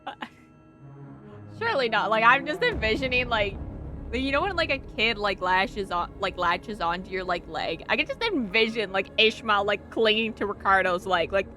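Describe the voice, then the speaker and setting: A woman's voice: mid-range voice, moderate pace, bright, forceful tone, faint music behind. A young woman streamer giving casual game commentary, giggling and chattering with many fillers.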